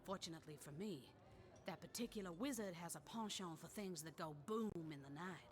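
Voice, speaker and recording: A woman's voice: fairly low pitch, brisk, natural voice. A woman voicing a hearty Southern retired warrior. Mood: rousing. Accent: Southern American. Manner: folksy, rousing, full of old sayings. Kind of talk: video game voice acting. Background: game music.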